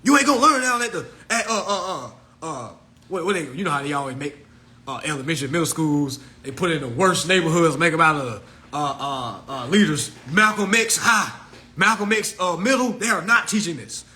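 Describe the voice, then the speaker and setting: A man hosts an animated, profane and preachy talk about law, and mimics others in shrill voices. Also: normal speed. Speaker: host. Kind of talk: livestream talk.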